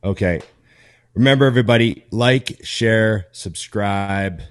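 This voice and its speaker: A pro bodybuilder co-hosting a podcast, telling a story in a lively, casual way full of fillers. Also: male voice, lowish voice, measured pace, smooth, dry recording. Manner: animated storyteller with many fillers.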